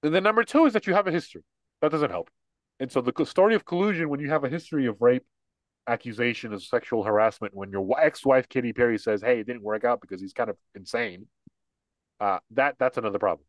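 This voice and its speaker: A man's voice: medium pitch, fast talker, no echo. Young guy ranting on a podcast, dry close sound, keeps restarting, fillers everywhere. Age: young adult. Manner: blunt, rambling, lots of restarts and fillers. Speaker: podcast co-host. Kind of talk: casual political chat.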